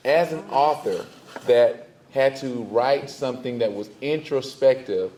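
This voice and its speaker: A man's voice: medium pitch, measured pace, reverberant, a little hiss or hum. A man working as master of ceremonies, energetically hyping the crowd and putting questions to a panel of authors. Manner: upbeat, energetic emcee.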